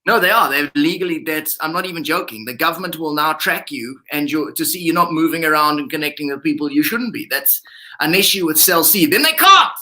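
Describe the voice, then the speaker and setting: A man's voice: fairly high pitch, expressive, bright, forceful tone, pitched below the performer's own voice. A ventriloquist voicing a cheeky, outspoken male puppet sidekick, joking sarcastically over a video call. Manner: sarcastic, quick jokes, mock outrage. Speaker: puppet comedian guest.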